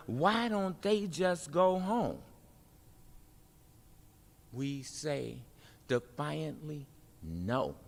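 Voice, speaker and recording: A woman performing spoken-word poetry with rhythmic, emphatic refrains and dramatic pauses, then speaking informally at a festival event. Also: sits low, vocal fry. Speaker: poet and city politician speaking at a festival. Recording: long reverb of a large hall.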